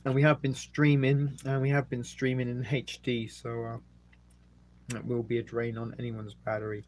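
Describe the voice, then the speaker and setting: A man's voice: medium pitch, level tone, moderate pace, a little mellow, a little hiss or hum. Rambling English man hosting a livestream. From England. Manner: rambling and jokey, with many ums, eating and burping between remarks. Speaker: livestream host. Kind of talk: casual live-stream chat reading viewer comments.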